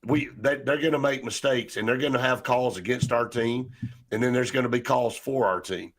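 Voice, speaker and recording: A man's voice: mid-range voice, moderate pace. A man hosting a sports talk show, rambling with many restarts and fillers.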